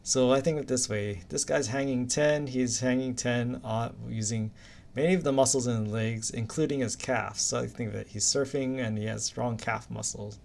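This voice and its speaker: A man's voice: mid-range voice, moderate pace, vocal fry, darkish tone. A man from Hawaii, teaching an anatomy lecture in a casual, chatty way. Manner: casual, chatty, uses silly memory stories. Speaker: anatomy instructor. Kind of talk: recorded lecture.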